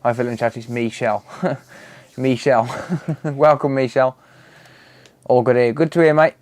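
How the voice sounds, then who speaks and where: A man's voice: mid-range voice, steady tone, moderate pace, darkish tone. A man in his thirties hosting a live repair stream, casually greeting viewers by name and calling them "mate".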